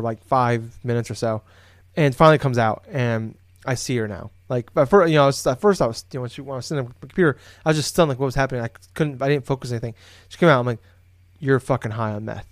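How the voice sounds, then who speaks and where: A man's voice: mid-range voice, fast talker, dry recording. A man with a mid-range voice tells a story in casual podcast chat, full of fillers and restarts. The sound is dry and close, recorded at home. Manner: rambling, lots of fillers and restarts. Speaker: podcast co-host. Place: home office, indoors.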